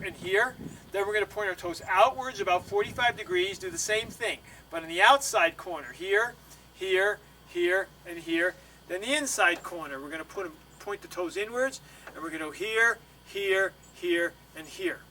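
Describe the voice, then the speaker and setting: Male stretch instructor, high voice, slightly winded, distant mic with faint hum. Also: fairly quick. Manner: calm step-by-step coaching. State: slightly out of breath. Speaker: bodywork instructor.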